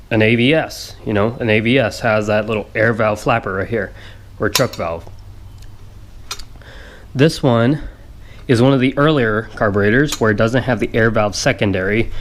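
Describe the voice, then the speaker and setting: A man's voice: fairly low pitch, low-quality recording. A man with a congested, nasal voice, narrating in a hesitant, rambling way with many fillers. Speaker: car hobby vlogger. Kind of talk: casual narration over work footage.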